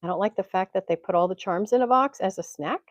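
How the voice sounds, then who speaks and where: A woman's voice: mid-range voice, quick pace, dry recording. A woman from Tennessee hosting a casual livestream from home, chatting in a rambling way and laughing often. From Tennessee, USA. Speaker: livestream host. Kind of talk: casual chat. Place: home, indoors. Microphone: computer mic.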